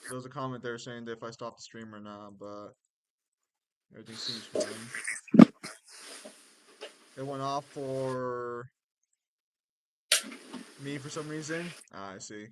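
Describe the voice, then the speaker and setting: A man hosting a casual stream, chatting loosely and swearing, with sudden animated outbursts. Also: medium pitch, measured pace, long pauses. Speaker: streamer host.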